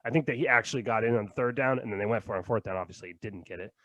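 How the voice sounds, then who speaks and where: A man co-hosting a podcast in casual chat, loose and profane, laughing often and trailing off quietly at the ends of thoughts. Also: fairly low pitch, very fast, no echo, muffled recording. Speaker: podcast co-host.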